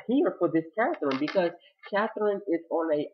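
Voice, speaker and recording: Excitable man recapping a TV episode. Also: on the high side, a little fast, slightly rough, muffled recording. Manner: excitable, chatty, retells scenes with dramatic quoted asides. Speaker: TV episode reviewer. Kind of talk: casual recap vlog.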